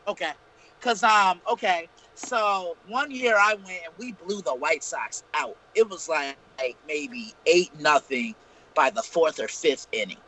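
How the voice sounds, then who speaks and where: High bright-voiced man telling stories. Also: a little slow, rough recording. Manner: profane, rambling anecdotes. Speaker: podcast co-host. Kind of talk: casual storytelling chat.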